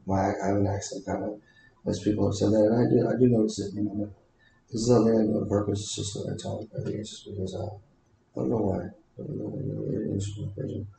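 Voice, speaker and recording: A man's voice: fairly low pitch, little pitch movement, quick pace, gravelly, warm tone, heavy reverb, a little hiss or hum, low-quality recording. A man talking in a rambling, casual way, full of fillers and restarts. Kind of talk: casual conversation.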